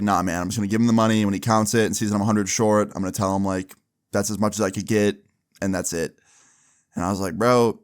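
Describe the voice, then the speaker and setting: A young man casually telling a long personal story, slangy and animated, acting out quoted dialogue. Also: lowish voice. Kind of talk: casual storytime over gameplay.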